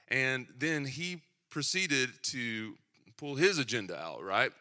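Bright-voiced Tennessee preacher telling a story. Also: male voice, mid-range voice, big pitch swings, unhurried. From Southeastern United States. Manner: storytelling, self-deprecating humor, conversational. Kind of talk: sermon with personal story.

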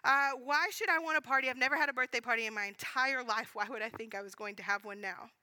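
A woman's voice: fairly high pitch, fast, bright, forceful tone, no echo. Agnes, a woman voicing a hurt, weary woman. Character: weary hurt woman turning thirty-nine.

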